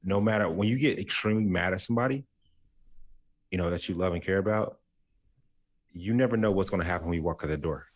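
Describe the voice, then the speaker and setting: A man hosting a relaxed podcast chat. His voice is low, and he tells stories with a joking, folksy touch. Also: fast talker, pauses often. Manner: joking storyteller, folksy asides. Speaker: podcast host. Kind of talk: casual chat.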